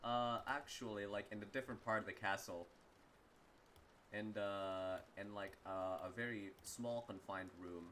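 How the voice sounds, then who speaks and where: A male game master narrates a tabletop game in a loose, rambling way, dropping casual swears. His voice is bright and forward. Faint background noise sits under him. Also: lowish voice, steady tone, a little slow.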